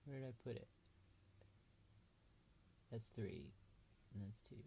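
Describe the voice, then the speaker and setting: A man's voice: on the low side, expressive, takes it slowly, vocal fry, dark tone, slight background noise. A man hosting a casual livestream, thinking aloud with hesitant, trailing remarks as he marks up a chart. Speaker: livestream host.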